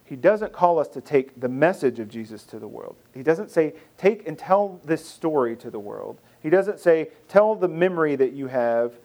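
A man's voice: on the high side, lively intonation, moderate pace, few pauses, darkish tone. A man preaching a sermon in an earnest, conversational way, often repeating phrases and restarting. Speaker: pastor.

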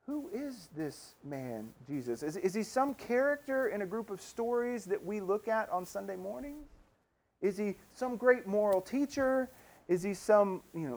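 A preacher giving a sermon, emphatic, stacking repeated phrases and swinging between loud declarations and hushed lines. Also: mid-range voice.

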